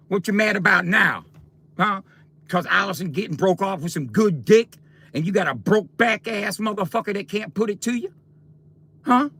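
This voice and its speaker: A man's voice: high-pitched, gravelly, bright, forceful tone. A man ranting on a livestream, taunting and confronting his viewers directly in a coarse, profane way.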